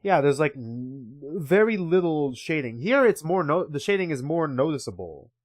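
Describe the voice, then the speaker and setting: A man's voice: a little high, sing-song, moderate pace. A young man streaming a game, chatting casually, swearing freely and reading the story aloud.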